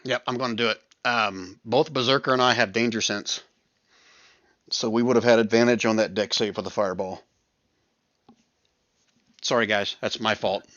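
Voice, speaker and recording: Man, dungeon master, bright voice, laid-back, lo-fi voice chat. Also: on the low side, steady tone, moderate pace, long pauses, dry recording. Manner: laid-back, explains rules plainly. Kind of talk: running a tabletop game online. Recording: dull, lo-fi voice chat.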